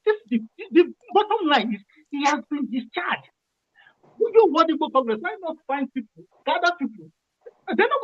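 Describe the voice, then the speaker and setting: A man's voice: very high voice, dry recording, lo-fi sound. A Nigerian man calling in to a radio discussion, impassioned and repeating himself, restarting phrases as he argues. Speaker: caller.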